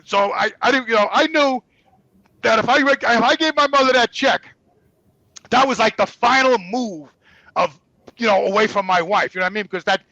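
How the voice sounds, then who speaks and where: A man with a very high, gravelly voice tells his story as a guest. His tone is bright and forceful, and he talks bluntly, swears often and repeats himself. The sound is dry and close. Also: normal speed, no echo, highs cut off. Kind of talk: profane emotional storytelling.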